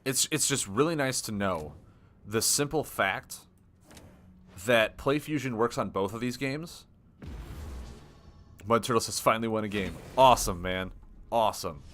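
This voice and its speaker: Low-voiced excitable male streamer. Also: a little slow, pauses often, a little hiss or hum. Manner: excitable, thinks aloud, self-deprecating. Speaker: streamer playing a card game. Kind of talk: live gameplay commentary.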